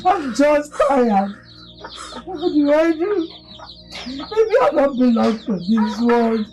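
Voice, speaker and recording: A woman playing a weary, grieving mother lamenting slowly in a film drama. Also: high-pitched, animated, noisy background. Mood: despairing. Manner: despairing, lamenting, slow. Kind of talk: Nollywood film acting.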